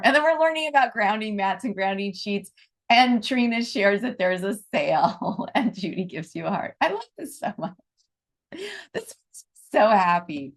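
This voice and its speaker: A woman teaching an online Reiki group, chatting with enthusiasm and then guiding a slow, soft meditation. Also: medium pitch, very animated. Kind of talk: casual chat and guided meditation.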